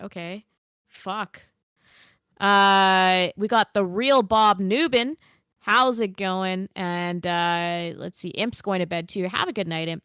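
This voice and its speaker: A woman's voice: mid-range voice, fairly bright tone, clean tone, no room sound, studio quality. Woman casually reading out viewer comments. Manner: reads viewer comments aloud, blunt, swears. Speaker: podcast co-host reading chat. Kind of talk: casual chat.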